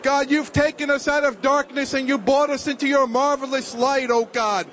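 A man's voice: very high voice, steady tone, moderate pace, a bit bright, slight background noise. A man, a church elder, leading a congregation in rhythmic spoken prayer with constant refrains. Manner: rhythmic prayer, repeating "oh God, Lord".

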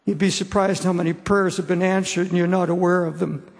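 Husky older man preaching in a hall. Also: high-pitched, flat delivery, brisk, hardly any pauses. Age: 70s. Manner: earnest, repeats phrases for emphasis. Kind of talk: sermon. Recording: long hall reverb.

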